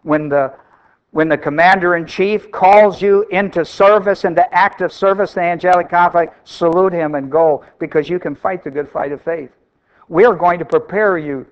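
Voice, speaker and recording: A man's voice: high voice, moderate pace, clear, resonant tone, dull audio. A male pastor preaching a sermon, emphatic and repeating key phrases for stress.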